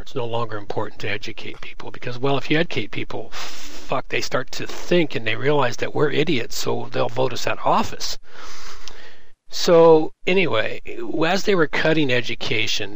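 Gravelly-voiced guy on a podcast, sarcastic and rambly, lots of uh's, dry mic. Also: mid-range voice, a bit bright, no room sound, rough recording. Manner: sarcastic, rambling with many fillers. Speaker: podcast co-host. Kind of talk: profane casual chat.

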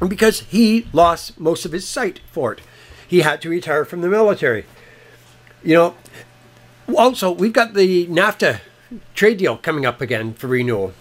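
A Canadian man co-hosting a podcast, delivering blunt, profane political commentary in a combative tone. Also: high voice. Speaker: podcast co-host.

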